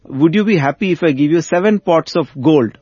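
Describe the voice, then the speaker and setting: A man's voice: on the high side, lively intonation, fairly quick, a little mellow, slightly rough, dry recording. A man voicing a coaxing male tree spirit in a story he tells, with a dry, muffled sound.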